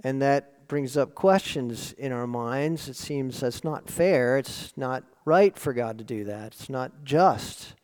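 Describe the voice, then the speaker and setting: A man's voice: mid-range voice, slow, few pauses, smooth. Emphatic preaching man in a reverberant hall. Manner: emphatic, stresses key words with sudden loud swells. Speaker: pastor. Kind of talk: sermon. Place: church sanctuary.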